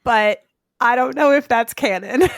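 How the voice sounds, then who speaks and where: A woman's voice: a little high, measured pace, no echo. Chatty woman podcaster, dry close sound. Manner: chatty, many "like" fillers, playful. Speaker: podcast co-host. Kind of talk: casual chat recapping a TV episode.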